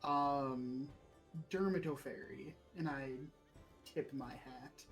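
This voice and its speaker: A man's voice: mid-range voice, soft background music, low-quality recording. A man playing a tabletop game, describing his character's actions hesitantly. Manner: hesitant, halting with fillers. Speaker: player.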